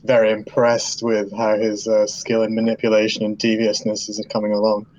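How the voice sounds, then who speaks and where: A man's voice: on the low side, monotone, moderate pace, a little mellow, rough recording. A man playing a tabletop game who describes his character's actions in a dry, matter-of-fact way. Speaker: player. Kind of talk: casual tabletop play.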